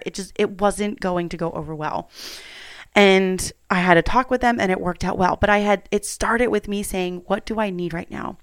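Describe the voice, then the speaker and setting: Candid woman with a smooth, dry voice. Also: medium pitch, steady tone, moderate pace, no room sound. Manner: candid, chatty, with many fillers. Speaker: mother sharing a personal story. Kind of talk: casual personal storytelling. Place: at home.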